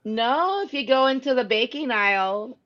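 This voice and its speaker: A woman's voice: on the high side, lively intonation, normal speed, fairly bright tone, muffled recording. A woman co-hosting a radio talk show, upbeat and chatty. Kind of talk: casual chat.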